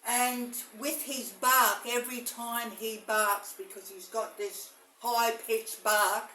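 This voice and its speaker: A woman telling a rambling first-person visionary story, halting often with fillers and restarts. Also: fairly high pitch, fairly even intonation, pushed and bright, a little hiss or hum. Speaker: spiritual storyteller. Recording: echoey room, mic far off.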